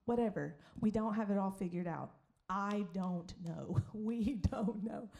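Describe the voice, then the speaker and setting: A woman pastor tells a story from the pulpit. She is lively and quick to laugh, and her voice stays at a middle pitch. She slips into other people's voices as she goes. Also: gravelly. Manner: animated, laughing, acts out voices in stories. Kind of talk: sermon storytelling.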